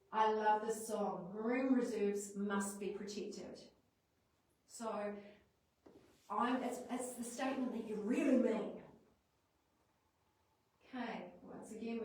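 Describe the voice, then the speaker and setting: A woman's voice: medium pitch, far from the mic. Chatty New Zealand woman teacher, echoey room. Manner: lively, chatty, models classroom talk. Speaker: teacher presenting to parents. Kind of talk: explaining classroom writing lessons to parents. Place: school hall or classroom at a parents' evening. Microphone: livestream device at a distance. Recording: echoey room, voice from afar, faint noise.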